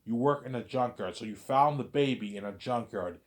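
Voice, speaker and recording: A man voicing a fussy female adoption clerk who asks pointed questions one after another in a raised, higher voice. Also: moderate pace, close to an everyday voice. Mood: questioning.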